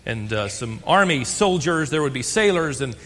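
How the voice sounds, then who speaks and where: An older American man preaching a sermon as pastor, stressing key words and slowing for emphasis. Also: medium pitch, animated, a bit bright, long reverb tail, faint music behind. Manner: emphatic, slows on key phrases.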